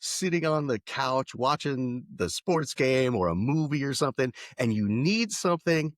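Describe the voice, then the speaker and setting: A man hosting a podcast, chatting casually and telling rambling, animated stories. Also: mid-range voice, normal speed, hardly any pauses, no room sound, clean studio sound. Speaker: podcast host. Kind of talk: casual chat.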